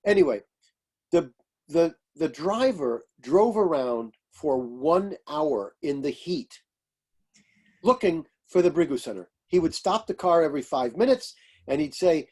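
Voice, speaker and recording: Older male astrologer spinning animated anecdotes, mimics voices, laughs often. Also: a little high, measured pace, pauses often. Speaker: astrologer and author. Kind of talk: storytelling interview.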